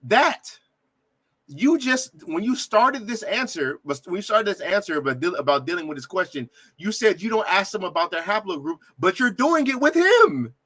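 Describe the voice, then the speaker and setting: A man's voice: high-pitched, animated, moderate pace, fairly bright tone, husky, no room sound. A man hosting a reaction video, commenting on a debate clip with indignant, laughing outbursts and stammered restarts.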